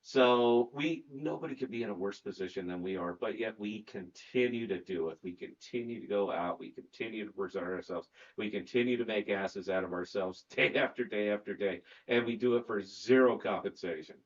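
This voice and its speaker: A man's voice: fairly low pitch, fairly quick, few pauses, dull audio. A man hosting a casual crypto podcast, loose and jokey, rambling with lots of restarts. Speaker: podcast host.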